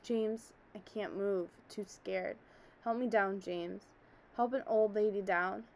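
A frail older woman, voiced by a woman reading a story aloud, pleads in a tearful, trembling way. Her voice sits near the reader's own middle pitch. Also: steady tone, slow, a little hiss or hum. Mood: pleading. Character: older woman office worker, frightened and frail.

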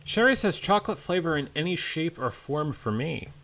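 A man's voice: fairly high pitch, big pitch swings, normal speed, a bit bright. Playful man reading viewer comments. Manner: playful, reads comments aloud. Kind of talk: casual chat.

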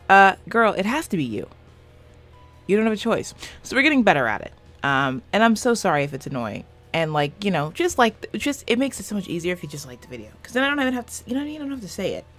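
A woman's voice: medium pitch, fairly bright tone. A woman in her twenties doing casual let's-play commentary from a small room, rambling and self-deprecating, swearing often. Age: 20s. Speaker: gaming YouTuber. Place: small room with a fan running.

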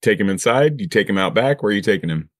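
A man's voice: on the low side, animated, fast, no room sound, studio quality. A man running a tabletop game as game master, setting scenes and asking his player questions.

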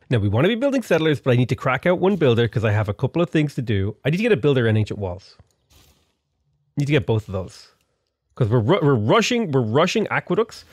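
A man's voice: medium pitch, dry recording, clean studio sound. A young man commenting casually on a strategy game he is playing, joking and getting exasperated. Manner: animated, exasperated, jokey. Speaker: gaming YouTuber.

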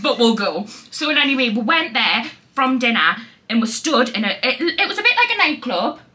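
A young woman from Newcastle with a Geordie accent, talking fast and excitedly to camera. Her voice is bright and sits a little high, and she swears freely in her casual, chatty telling. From Newcastle, England. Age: 20s. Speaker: vlogger. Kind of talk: casual chat.

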